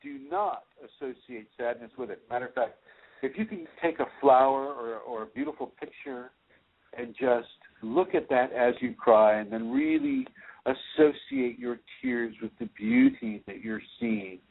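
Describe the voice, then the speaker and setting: Male spiritual radio host, gravelly, lively pitch, patient reassuring tone, phone-line sound. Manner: slow, repetitive, soothing reassurance with many restarts. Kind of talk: radio call-in spiritual advice.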